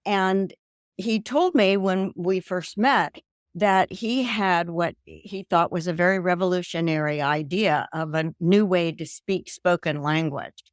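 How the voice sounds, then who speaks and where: Older woman, interview guest, animated storyteller, dry sound. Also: lowish voice, measured pace, no echo. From American South. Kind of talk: casual interview talk.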